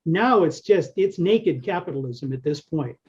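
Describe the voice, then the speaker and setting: A man who is an author, answering questions on a roundtable over a video call in a measured, matter-of-fact way. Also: a little high, animated, a little mellow, highs cut off. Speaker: author and panel guest. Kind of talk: roundtable discussion.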